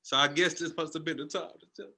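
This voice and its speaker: A man's voice: fairly high pitch, steady tone, fast talker, gravelly, sharp tone, slightly rough. A man telling a passionate personal testimony as a guest, in a storytelling manner.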